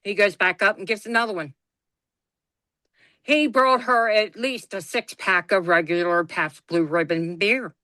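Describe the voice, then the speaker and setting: This woman, a guest storyteller, relates a family story in casual chat with animated delivery, voicing the people in it and cursing freely. She has a mid-range voice and a measured pace, captured with clean studio sound and no echo.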